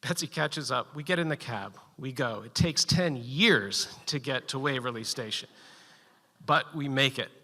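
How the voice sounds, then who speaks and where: A man telling a personal story live at a story slam, animated and building suspense with short, punchy sentences. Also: mid-range voice, measured pace, big-room sound.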